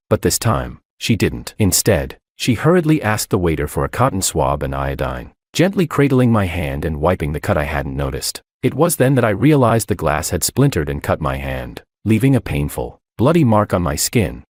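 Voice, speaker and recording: A man calmly narrating a first-person romance story in a detached, scripted way. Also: deep voice, dry recording, studio quality.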